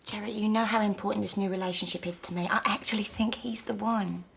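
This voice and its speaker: A woman's voice: medium pitch, steady tone, fast, gravelly, fairly bright tone, a little hiss or hum. A woman playing a glamorous, dramatic soap actress in a TV comedy drama.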